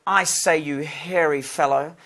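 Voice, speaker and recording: A man putting on a genteel, mock-posh voice for a reformed miner, slow and drawn out. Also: on the high side, fairly even intonation, creaky, a bit bright, pitched below the performer's own voice. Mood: mock-polite. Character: prim old-fashioned male miner, genteel.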